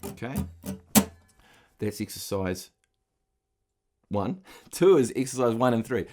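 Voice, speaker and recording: A man's voice: on the low side, brisk, pauses often. A middle-aged man giving a guitar lesson, patiently explaining and counting the beats aloud as he strums. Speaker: guitar teacher. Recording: loud guitar strumming under the voice. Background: acoustic guitar being strummed.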